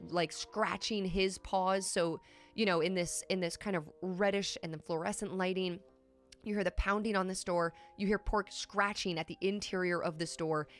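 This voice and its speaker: A woman narrating as game master of a tabletop role-playing game, with measured pacing and frequent ums. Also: fairly low pitch, steady tone, soft background music.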